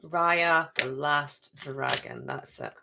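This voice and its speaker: A woman in middle age reads oracle cards for her viewers at an unhurried pace. Her voice sits low, and she chats loosely, often thinking aloud to herself. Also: creaky, background noise. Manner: chatty, talks to herself, repeats phrases. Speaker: card reader. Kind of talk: live oracle card reading to viewers.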